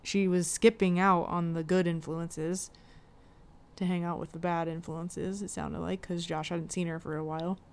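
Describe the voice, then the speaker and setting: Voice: medium pitch, flat delivery, moderate pace, slight background noise. A co-host in a casual conversation about a movie, chiming in often and finishing the other speaker's sentences. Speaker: podcast co-host. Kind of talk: casual chat reviewing a movie.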